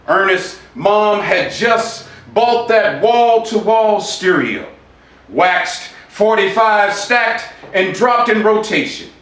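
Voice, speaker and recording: Male poet, high bright voice, rhythmic spoken-word reading, echoing off-mic. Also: animated, takes it slowly. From Shreveport, Louisiana, USA. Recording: roomy, voice from a distance.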